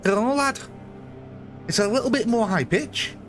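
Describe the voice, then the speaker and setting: A shrill, excitable Liverpudlian lad, as a streamer puts him on, his voice pushed far above its normal height and bouncing about. The Liverpool accent is laid on thick and sing-song, a knowing parody. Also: normal speed, soft background music. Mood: mocking. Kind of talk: comic impression on a live stream.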